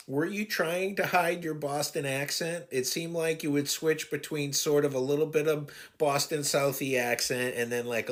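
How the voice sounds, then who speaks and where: A man from New England hosting a podcast interview, asking questions in a measured, unhurried way. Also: a little high, fairly bright tone. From New England, USA. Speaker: podcast host.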